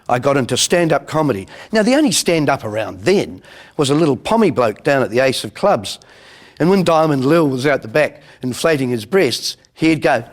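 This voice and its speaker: A man with a New Zealand accent who tells stories about his comedy career and slips into animated joke voices. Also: medium pitch. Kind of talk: storytelling with acted jokes.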